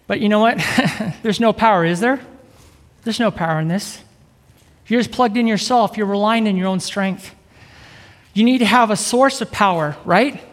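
High-voiced man preaching in a big hall. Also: moderate pace. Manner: upbeat, keeps asking the crowd "right?". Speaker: evangelist preacher. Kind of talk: energetic sermon to a live audience. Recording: reverberant hall.

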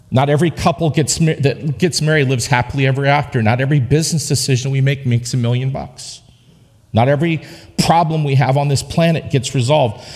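This man's medium-pitched, darkish voice carries a long reverb tail as he preaches a sermon in a church sanctuary. The pastor stays conversational and jokes with the congregation, driving his points home with emphatic repetition.

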